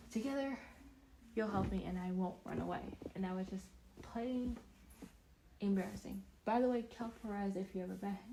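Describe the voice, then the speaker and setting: A young woman casually telling a storytime vlog, rambling with restarts and sudden animated bursts of loudness. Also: mid-range voice, a little hiss or hum, poor audio. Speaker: vlogger.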